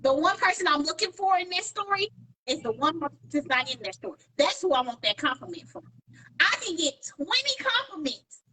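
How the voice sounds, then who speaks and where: A woman co-hosting a podcast in casual chat, telling animated stories and acting out what people said. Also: very high voice, brisk, slight background noise, low-quality recording. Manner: animated storyteller, acts out quoted dialogue. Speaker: podcast co-host.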